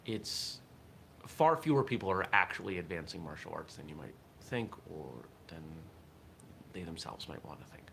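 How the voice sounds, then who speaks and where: In a deep, creaky voice with a fairly bright tone, the martial arts morning show host speaks animatedly at normal speed. His casual livestream talk is reflective and thought out loud, with a little hiss or hum in the background.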